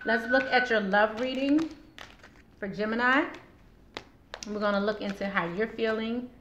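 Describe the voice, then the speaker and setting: A woman with a fairly high voice gives a casual tarot reading, talking directly to her viewers. Her throat is sore, and she laughs often as she chats. The sound is roomy and echoey, with faint noise underneath. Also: unhurried, a bit bright. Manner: chatty, laughs often, talks straight to viewers. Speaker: tarot card reader.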